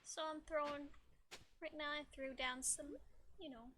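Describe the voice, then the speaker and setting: A young woman chats casually while streaming a relaxed farming game, soft and slow with playful little asides. Her voice sits high and bright, close to a desk microphone. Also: slight background noise. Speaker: VTuber streamer. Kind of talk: casual gameplay chat.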